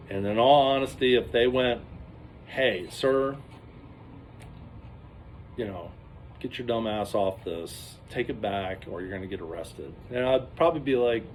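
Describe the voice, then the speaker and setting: A man telling a rambling, animated story in casual vlog style, acting out what people said. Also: medium pitch, a little slow, long pauses, a little hiss or hum. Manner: rambling, animated, acts out quotes.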